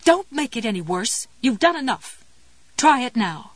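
A woman voicing an inner mother's voice that screams urgent pleas, higher and slower than her narration. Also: big pitch swings, husky, dry recording, exaggerated voice. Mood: pleading scream. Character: nagging shrill mother's voice inside a woman's head.

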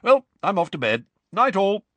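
A man's voice: high-pitched, very animated, normal speed, pushed and bright, no echo, voice pushed up, full character voice. A man voicing a pompous teenage schoolboy wizard who speaks as if very wise. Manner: sage, pompous.

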